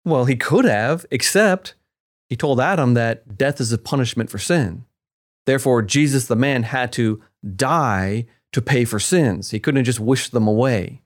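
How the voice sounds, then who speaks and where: Lively man teaching with emphasis. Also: medium pitch, measured pace. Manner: lively, emphatic, playful asides. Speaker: co-host of a Bible teaching show. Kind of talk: conversational Bible discussion.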